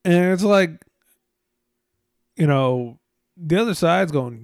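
A man's voice: a little high, lively intonation, takes it slowly, pauses often, a little mellow, no room sound. Guy rambling on, lots of cussing and filler, tired, dry close sound. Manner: rambling, profane, frequent fillers. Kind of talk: casual rambling monologue.

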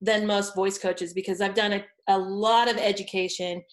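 Animated woman voice coach telling stories. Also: medium pitch, moderate pace, poor audio. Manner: animated storyteller, acts out quotes. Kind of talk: casual podcast chat.

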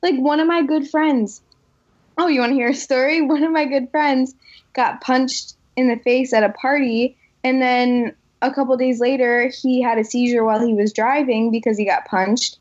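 Young woman, animated storyteller. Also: sits high, moderate pace, muffled recording. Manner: animated storytelling with many likes. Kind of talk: casual chat.

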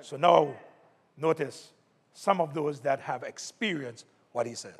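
A man preaching a sermon, calling out to the congregation and building up to shouts. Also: a little high, measured pace, slightly rough. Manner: call-and-response preaching, rising to shouts. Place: church sanctuary. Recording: long hall reverb.

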